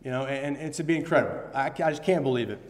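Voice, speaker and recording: A man's voice: mid-range voice, quick pace. Earnest preacher man in a reverberant hall. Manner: earnest, quotes scripture, rises to emphatic bursts. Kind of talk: sermon.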